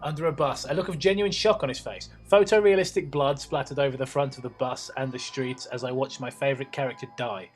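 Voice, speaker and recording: A man reads a story aloud for laughs in a brisk, medium-pitched, fairly even voice with few pauses, faint music in the background. As reader and host, he trips over words and breaks off for sarcastic banter.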